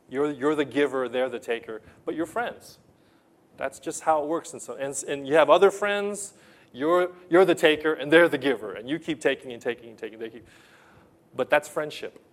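A male pastor preaching a sermon in an earnest way, often putting questions to the congregation and repeating key phrases. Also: medium pitch.

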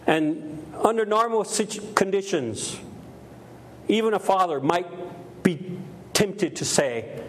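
A middle-aged man preaching a sermon in a slightly higher-than-usual voice. He stresses his words, repeats key phrases, and acts out quoted voices. A faint hiss of noise sits behind him. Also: expressive, slow. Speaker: pastor.

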